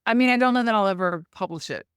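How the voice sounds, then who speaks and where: A woman's voice: mid-range voice, fast talker, clear, resonant tone, dry recording, studio quality. A woman co-hosting a podcast, talking casually in a hesitant, self-conscious way that trails off. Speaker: podcast co-host. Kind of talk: casual chat.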